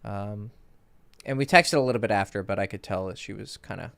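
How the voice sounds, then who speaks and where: A man's voice: lowish voice, fairly quick, vocal fry, a bit bright, clean tone. A man in his thirties, a dating coach, telling stories in a casual, rambling livestream Q&A with many fillers and restarts.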